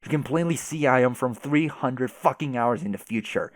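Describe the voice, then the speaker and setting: Brief: a furious, foul-mouthed young troll boy who yells and swears, read out by a man, dry close sound. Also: medium pitch, normal speed, no echo, lightly acted. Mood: angry. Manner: shouty, insulting, swears constantly. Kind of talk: reading a webcomic chat aloud.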